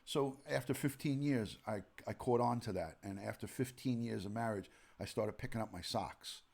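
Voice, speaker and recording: A man's voice: lowish voice, normal speed, gravelly, darkish tone. A man in his forties with a New York accent, a retired detective hosting a rambling late-night live stream from home, chatting and greeting viewers by name. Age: 40s. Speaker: livestream host, retired detective. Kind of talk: casual live-stream chat.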